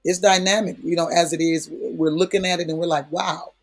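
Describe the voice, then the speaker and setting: A man with a husky, slightly breathy voice pitched a little high preaches in a relaxed, conversational way. He leans on repetition and punchy emphasis to drive each point home. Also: brisk. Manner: folksy, emphatic, repeats key phrases. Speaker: prayer speaker. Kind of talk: conversational preaching in a prayer session.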